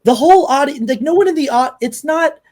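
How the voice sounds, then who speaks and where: A man's voice: very high voice, expressive, fairly quick, a little mellow. A man co-hosting a podcast and talking through a film review in casual chat, rambling and often restarting his sentences as he retells scenes. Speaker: podcast co-host.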